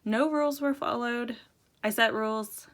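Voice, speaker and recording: A young adult woman hosts a casual show-and-tell video at normal speed, excitable and giggly, her voice leaping up high whenever she's thrilled.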